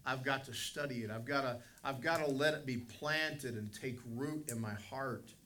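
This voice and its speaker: A middle-aged man preaches a Sunday school lesson as pastor. His voice is bright and forceful, and he swells louder on the phrases he wants to stress. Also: medium pitch, normal speed, a little hiss or hum. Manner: emphatic preaching, swells loud on key phrases.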